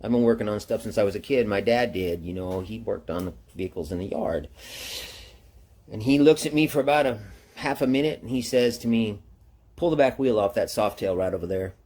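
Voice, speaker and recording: A man casually telling his own travel story in a rambling, slangy way, getting animated when quoting others. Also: on the low side, brisk. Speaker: motorcycle travel vlogger.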